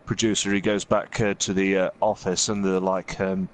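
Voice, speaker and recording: Male gaming host, somewhat low voice, loose rambling anecdote delivery. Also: level tone, normal speed. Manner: rambling, full of fillers and "he's like" asides. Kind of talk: casual storytelling while playing a game.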